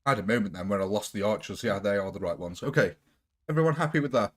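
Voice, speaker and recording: A man's voice: on the low side, fast talker, slightly rough. A British man giving live gameplay commentary, chatting with his viewers in a jokey, self-mocking way. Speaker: streamer.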